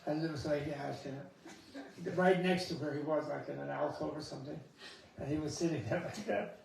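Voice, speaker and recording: A man with a raspy, gravelly voice pitched a little high gives a Buddhist talk, telling animated stories with chuckling asides. He sounds distant from the mic. A long, booming hall echo surrounds every word. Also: moderate pace, slight background noise. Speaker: Buddhist scholar giving a talk. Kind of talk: dharma talk with anecdotes. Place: temple hall.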